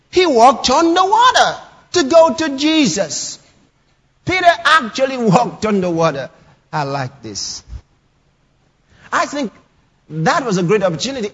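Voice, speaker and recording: A man preaching a sermon, emphatic and repetitive, reading scripture lines aloud and pressing them home. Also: high voice. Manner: emphatic, repeats scripture lines, rising to shouts. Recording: dull lo-fi sound with long hall reverb.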